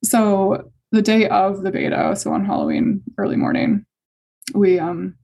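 A young adult woman telling a personal story in conversation, hesitant and emotional, with many fillers and soft laughs. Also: medium pitch, huge pitch swings, measured pace, vocal fry. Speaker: guest sharing fertility story.

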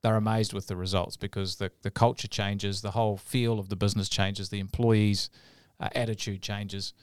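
A man's voice: fairly low pitch, flat delivery, moderate pace, clean tone, dry recording, studio quality. A man co-hosting a podcast, telling a story in a rambling, casual way with many fillers. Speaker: podcast co-host.

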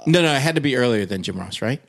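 A man's voice: mid-range voice, expressive, vocal fry. Teasing man co-hosting a podcast. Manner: teasing, quick questions. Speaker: podcast co-host. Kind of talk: casual chat.

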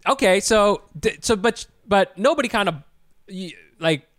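A man's voice: sits high, lively intonation, normal speed, a bit bright, dry recording, clean studio sound. A man co-hosting a podcast in casual chat, rambling through fillers and restarts. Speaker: podcast co-host.

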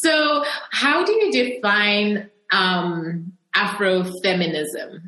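A woman from Zambia hosting a podcast interview, asking questions in a relaxed manner with some hesitation. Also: medium pitch, takes it slowly. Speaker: podcast host. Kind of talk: conversational interview. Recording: echoey room.

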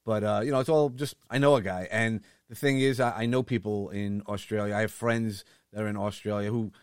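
A man's voice: lowish voice, steady tone, a little fast, clear, resonant tone, dry recording, studio quality. A man with a New York accent hosting an interview, talking in a rambling, chatty way. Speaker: interview host. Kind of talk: casual interview chat.

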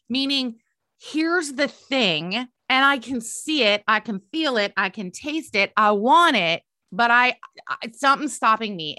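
A woman coach and podcast host giving an animated motivational talk, emphatic and repeating her phrases. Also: fairly high pitch, no room sound, clean studio sound.

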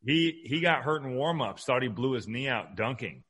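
A man's voice: mid-range voice, expressive, normal speed, fairly bright tone. A man in his thirties, a former college basketball player hosting a podcast, reminiscing casually and chiming in with details between laughs. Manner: laughing, chatty, chimes in with details.

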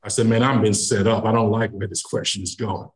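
Speaking fairly quickly in a rather low voice, a middle-aged man from Nigeria recounts a personal story as a podcast guest. He tells it with animation, performing the dialogue as he goes.

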